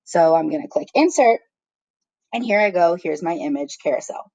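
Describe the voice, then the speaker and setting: A woman's voice: fairly low pitch, lively intonation, normal speed, warm tone, dry recording, dull audio. A woman teacher giving a patient, step-by-step screen-recorded tutorial, checking in with her students as she goes.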